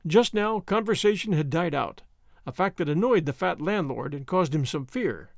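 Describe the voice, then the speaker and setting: A man's voice: on the high side, expressive, normal speed, vocal fry, dry recording, studio quality. A man narrating a historical adventure novel in an audiobook, in a dramatic storytelling manner. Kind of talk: scripted narration.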